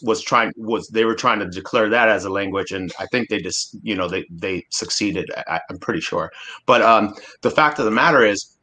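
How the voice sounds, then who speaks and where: A man's voice: fairly low pitch, pushed and bright. A man in his forties from Alaska, a guest speaking earnestly and emphatically in a casual discussion, often restarting his sentences. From Alaska, USA.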